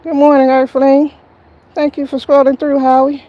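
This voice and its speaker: A woman with a high voice hosts a live gardening stream, potting a plant outdoors in a garden near a road. She chats casually with viewers and greets them by name, speaking in a level tone at a moderate pace. The audio has its highs cut off.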